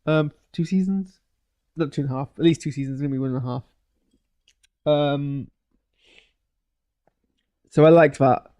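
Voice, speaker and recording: Rambling man, mellow and slightly high. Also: steady tone, moderate pace, long pauses, clean tone. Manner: rambling and hesitant, with many restarts and fillers. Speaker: video reviewer. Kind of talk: live post-watch reaction.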